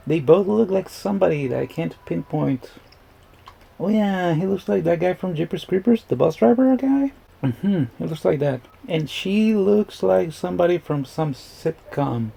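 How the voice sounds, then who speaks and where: A man with a gravelly, mellow voice, pitched a touch high, talks through a movie at home. His commentary rambles and jokes, doubling back mid-sentence. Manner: rambling, joking, restarts often. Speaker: movie reaction vlogger. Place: indoors at home.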